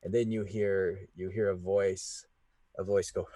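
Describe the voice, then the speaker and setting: Game master man, low voice, unhurried, halting narration, dry close sound. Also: level tone, warm tone, no room sound. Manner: halting, full of fillers and restarts.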